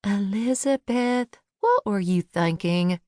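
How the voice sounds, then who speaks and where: A woman voicing a gentle, wry older godmother with genteel manners. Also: mid-range voice, expressive, slow pace, dry recording, clean studio sound.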